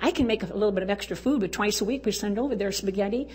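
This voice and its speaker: A woman's voice: medium pitch, very fast, darkish tone, slightly rough. An older woman giving a folksy, exuberant testimony talk at a church women's event, urging and cheering her listeners on. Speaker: women's conference speaker.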